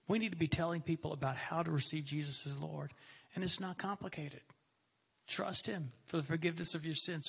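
A man's voice: on the high side, vocal fry, sharp tone, breathy edge. A man giving a conversational sermon as a pastor, emphatic and fond of repeating his key phrases.

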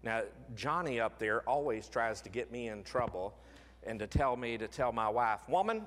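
A middle-aged man preaching a sermon as pastor, building dramatically and then dropping to hushed tones. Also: medium pitch, steady tone, moderate pace. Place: church sanctuary. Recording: long reverb in a large church.

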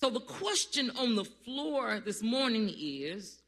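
A pastor preaching a sermon in a church, calling for responses from the congregation and building to loud, emphatic peaks. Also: medium pitch, sing-song, slow pace, hardly any pauses. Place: church sanctuary.

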